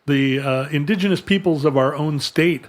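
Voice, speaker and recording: A man's voice: a little high, moderate pace. A man from Alaska co-hosting a podcast in casual chat, asking questions and easily amused. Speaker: podcast co-host.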